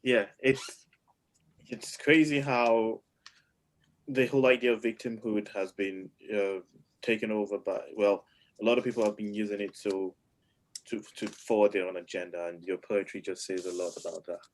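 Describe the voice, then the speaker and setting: Man hosting online open mic, lowish voice, halting casual delivery, faint hiss on the call. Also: steady tone, rough recording. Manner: hesitant, with many ums. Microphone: video call.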